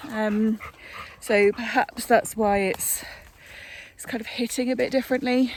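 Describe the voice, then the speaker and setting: A woman's voice: fairly high pitch, fairly even intonation, unhurried, a little hiss or hum. A woman, chatting casually in a book vlog, rambling along with plenty of fillers. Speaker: book vlogger.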